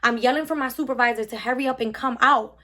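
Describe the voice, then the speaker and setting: Young philly woman doing a storytime vlog, kinda high voice, super animated. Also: fast. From Philadelphia. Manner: animated, emphatic retelling with acted-out quotes. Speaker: vlogger.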